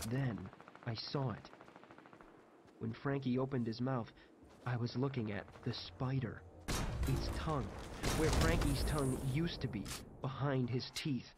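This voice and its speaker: A man's voice: mid-range voice, unhurried, long pauses. Man reading a horror story over gunfire. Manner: dramatic, shouts out quoted lines. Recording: loud gunfire noise behind the voice.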